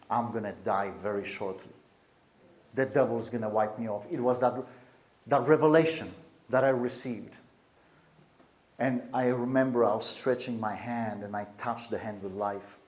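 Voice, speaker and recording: A man's voice: medium pitch, moderate pace. A man giving an earnest, intense personal testimony, often repeating his phrases.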